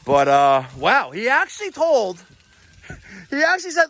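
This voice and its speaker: A man, vlogging outdoors while servicing air conditioners, excitable and quick to exclaim and laugh. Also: very high voice. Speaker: plumbing and HVAC contractor. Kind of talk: on-the-job vlog. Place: outdoors at a house.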